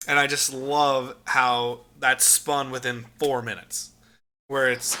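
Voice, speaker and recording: A man co-hosting a podcast, chatting casually about a movie, animated and laughing often, with plenty of swearing. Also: medium pitch, slow, slight background noise. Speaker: podcast co-host. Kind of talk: casual movie review chat.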